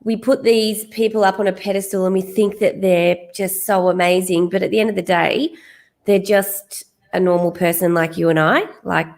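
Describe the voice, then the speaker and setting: Woman host, mid pitch, bubbly and chatty, asks the guest a lot of questions. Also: fairly even intonation, moderate pace. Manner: enthusiastic, asks leading questions. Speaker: podcast host. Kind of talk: casual interview.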